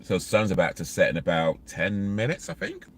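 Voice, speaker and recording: A man's voice: low voice, big pitch swings, moderate pace, a little hiss or hum. A man, vlogging in casual, rambling chat while eating in his car. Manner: rambling, chatty, many fillers. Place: inside a parked car.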